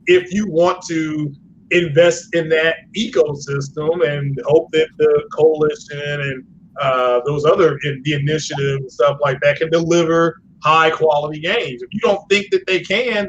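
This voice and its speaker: A man's voice: a little high, steady tone, measured pace. A man talking as a podcast guest, rambling and stopping to restart his sentences, full of fillers. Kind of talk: casual podcast chat. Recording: muffled lo-fi call audio with faint noise.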